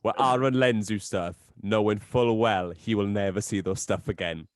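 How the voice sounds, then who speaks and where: A man co-hosting a podcast in casual chat, teasing his friends with animated, jokey asides. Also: on the low side, moderate pace, no echo. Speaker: podcast co-host.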